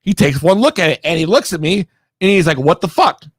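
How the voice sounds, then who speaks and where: Young guy from Connecticut, high and very animated. Profane, rambling storyteller. Dry close mic. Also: fast talker, no room sound. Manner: slangy and rambling with restarts. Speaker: podcast regular telling a story. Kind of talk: casual storytelling.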